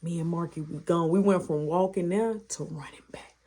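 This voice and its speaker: A woman telling an animated story in a casual, slangy way, acting out the action with sound effects and quoted lines. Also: fairly low pitch, normal speed, slightly rough.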